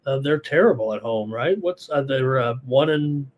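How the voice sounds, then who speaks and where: A hoarse man hosting a live sports betting show, thinking aloud through picks in a rambling, casual way. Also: mid-range voice, lively intonation, moderate pace. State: hoarse, losing his voice.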